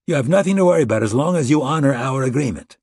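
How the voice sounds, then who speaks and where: A coolly calculating, wounded traitor, as a male narrator voices him, pitched above the narrator's natural voice and husky. He sounds amused and condescending in a dry, close audiobook read. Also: animated, racing, darkish tone, no room sound.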